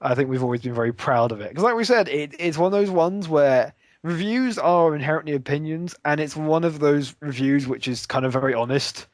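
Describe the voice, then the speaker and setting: A man's voice: a little high, expressive, a little fast, no room sound. A man co-hosting a casual podcast, joking and crude with dry banter. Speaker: podcast co-host. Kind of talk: casual chat.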